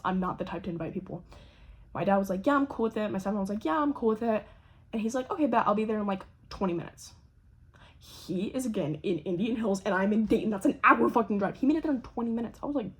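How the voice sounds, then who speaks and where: A young woman telling a casual storytime vlog, swearing constantly and talking in a lively, animated way. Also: mid-range voice, slightly rough. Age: young adult. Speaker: vlogger.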